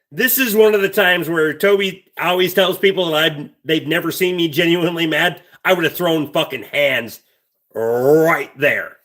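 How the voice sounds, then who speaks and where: A man with a bright, edgy tone and a slightly high voice, hosting a livestream. He rambles through stories in a blunt, heavily profane, casual way. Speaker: livestream host.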